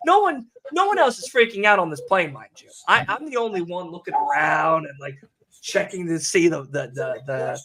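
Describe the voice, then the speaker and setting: Young New York guy, podcast host, rambling and swearing, voice on the higher side. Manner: rambling, profane, animated storytelling. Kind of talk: casual chat.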